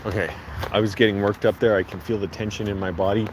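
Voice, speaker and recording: This vlogger talks casually and fast to his phone camera while walking neighborhood streets, drifting from thought to thought in a low, fairly flat voice. Traffic and street noise are clearly heard in the outdoor recording.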